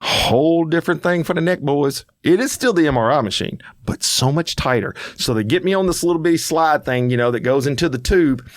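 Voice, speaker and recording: A man's voice: fairly high pitch, fairly quick, hardly any pauses, dry recording, clean studio sound. A man in his fifties, a podcast co-host, telling stories in casual chat and acting out other people's voices as he goes. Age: 50s. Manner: animated storyteller who acts out other people's voices.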